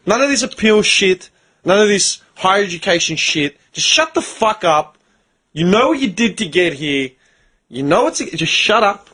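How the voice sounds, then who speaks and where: A man's voice: sits high, sing-song, moderate pace, bright, forceful tone, husky. A young man hosting a casual podcast chat, telling stories in a blunt, profane way. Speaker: podcast host.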